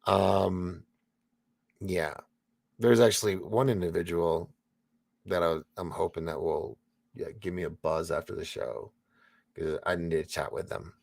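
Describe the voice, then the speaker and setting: A man's voice: sits low, fairly even intonation, unhurried, vocal fry, pauses often, a little mellow, no echo, studio quality. A man hosting a casual livestream, reading viewer comments aloud with a rambling, laughing manner and lots of fillers. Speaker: livestream host reading chat.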